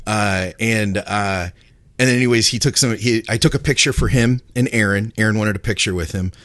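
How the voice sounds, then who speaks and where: A man co-hosting a podcast, telling a rambling, excited story in casual chat. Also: lowish voice, normal speed, no echo. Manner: rambling, excitable, laughs often. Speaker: podcast co-host.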